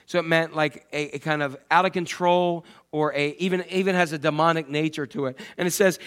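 A man's voice: fairly high pitch, fairly even intonation, a little fast, hardly any pauses, a bit bright, clean tone. Conversational man preaching a sermon. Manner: conversational, asks the congregation questions. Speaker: pastor.

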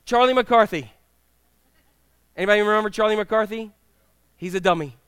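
A middle-aged male pastor preaching a sermon in a church, telling humorous stories with animated, acted-out quotes. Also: sits high, normal speed, clean tone, no room sound. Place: church sanctuary with congregation.

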